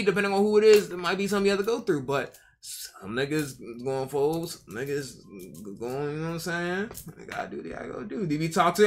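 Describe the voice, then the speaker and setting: A male streamer with a bright, forceful voice that sits a little high, talking in loose slang over a video he is watching. He rambles and keeps circling back to the same phrases in a casual reaction style. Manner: slangy, rambling, repeats himself.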